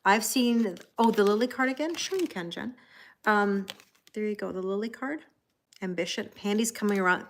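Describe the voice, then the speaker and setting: Woman, 40s, mid-pitched, chatty live tarot reader who laughs easily and talks straight to her viewers. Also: normal speed. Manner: chatty, greets viewers by name, laughs often. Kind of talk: casual live-stream card reading.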